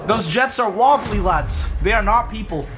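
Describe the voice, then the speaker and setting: A young man streaming games live, chatting casually and excitedly to his viewers and joking as he goes. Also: high voice, moderate pace, noisy background. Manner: excitable, joking, keeps calling viewers boys and lads. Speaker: gaming streamer. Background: game and trailer music.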